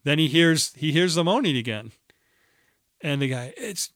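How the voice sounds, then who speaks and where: A laid-back man co-hosting a casual film podcast, quick to tease and laugh. His voice sits slightly high for a man and is recorded close and dry. He stays easygoing throughout. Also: very animated, a bit bright, no room sound. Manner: easygoing, teasing, laughs often. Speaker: podcast co-host. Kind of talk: casual film review chat.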